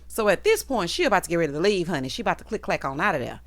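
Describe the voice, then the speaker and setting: A woman recapping an episode with sass and playful shade. Her pitch swoops widely and expressively as she talks, and she keeps calling the listener honey and child. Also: big pitch swings, rapid-fire, fairly bright tone. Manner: sassy, teasing, calls listeners honey and child. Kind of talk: comedic recap chat.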